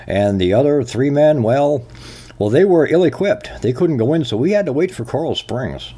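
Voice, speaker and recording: Guy doing a higher, folksy sheriff making lame excuses, hemming and hawing. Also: expressive, normal speed, mellow, breathy edge. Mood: defensive. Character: evasive male county sheriff making excuses.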